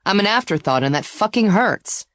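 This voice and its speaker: A woman voicing a gruff young man, a hurt best friend who snaps his words. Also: high-pitched, lively intonation, moderate pace, a bit bright, dry recording, studio quality, voice pushed up. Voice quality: gruff, snapping.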